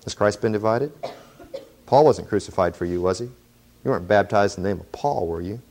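A middle-aged man giving a lively sermon with humorous, sarcastic asides. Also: fairly low pitch, brisk. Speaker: preacher.

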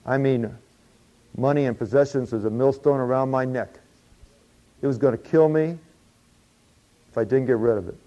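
A man's voice: mid-range voice, normal speed, pauses often, dark tone, lightly acted. A man playing a wry ex-tax collector. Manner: folksy storyteller, dry humor, confiding asides. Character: wry former tax collector turned disciple, adult man. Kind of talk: dramatic first-person monologue. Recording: dull lo-fi recording.

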